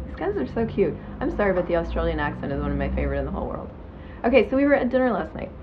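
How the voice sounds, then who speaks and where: Woman host, casual self-help chat, frank and chatty, lowish voice, dull lo-fi recording, faint room noise. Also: very animated, rapid-fire. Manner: chatty, frank, swears casually, many fillers. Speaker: podcast host. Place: at home in bed.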